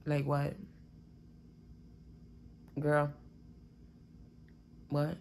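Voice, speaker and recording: A young woman with a slightly low voice talks through a reality show episode like she's catching up with a friend. She's gossipy and chatty, dropping quick sarcastic quips along the way. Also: completely flat delivery, gravelly, darkish tone, slight background noise. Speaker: reality TV recap vlogger. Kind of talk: casual episode recap.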